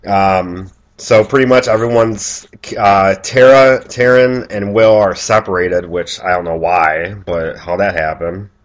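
A man casually chatting as a podcast co-host, calmly recapping a film's plot and chuckling. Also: sits low, unhurried, few pauses. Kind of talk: casual chat.

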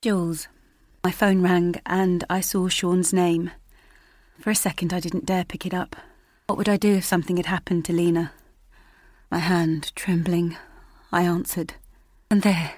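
A woman narrating an audiobook in the first person, measured, dropping to a hush in tense passages. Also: fairly low pitch, no echo, studio quality.

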